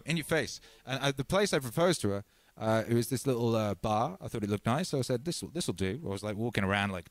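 An English man in his thirties hosting a casual livestream, talking in slang, reading out chat messages and telling stories with lively energy. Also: medium pitch, a little fast, no echo. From England. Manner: animated, slangy, reads chat aloud. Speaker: livestream host.

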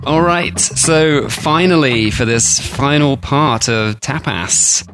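A man's voice: mid-range voice, slow pace, over loud music. A man co-hosting a food podcast, chatting casually and jokily, often slipping into silly voices for imagined people. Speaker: podcast co-host.

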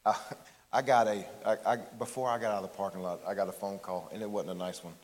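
A man's voice: on the low side, steady tone, quick pace, darkish tone. A middle-aged man giving a candid, conversational sermon as pastor, often restarting his phrases. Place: church sanctuary. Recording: long reverb of a large church hall.

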